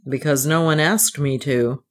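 An earnest young man, proud and wronged, as an audiobook reader plays him. He keeps a tight rein on his words, in a middle-pitched voice. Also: steady tone, a little slow, natural voice. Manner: earnest, restrained. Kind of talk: audiobook reading.

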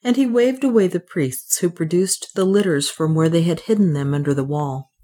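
A woman narrating a classic adventure novel in a measured, clear reading. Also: on the low side, mellow. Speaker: audiobook narrator. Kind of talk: audiobook narration.

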